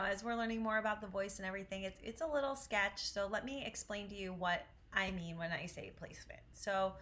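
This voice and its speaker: A woman's voice: mid-range voice, a bit bright. A woman vocal coach from Upstate New York with its accent, teaching a live online singing lesson in a chatty, encouraging way and often checking in with "okay?". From Syracuse, New York.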